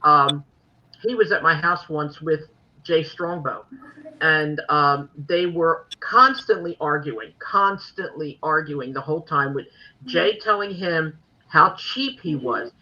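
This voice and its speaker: A woman in her sixties co-hosting a podcast, telling stories in an animated way and laughing often. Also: sits low, takes it slowly. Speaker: co-host. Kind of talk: storytelling podcast chat. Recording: dull lo-fi recording.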